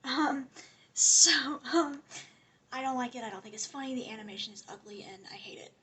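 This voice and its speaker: A woman's voice: sits high, normal speed, sharp tone, slightly rough. A woman giving a casual, rambling rant as a commentary vlogger, sarcastic and often dropping to a whisper.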